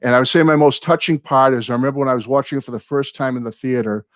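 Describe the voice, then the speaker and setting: An older man hosting his own live chat, greeting viewers and rambling excitedly through fan stories and thank-yous. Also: mid-range voice, racing, no room sound, clean studio sound. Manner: rambling, excitable, apologizes for going off on tangents. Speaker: host of a music fan channel.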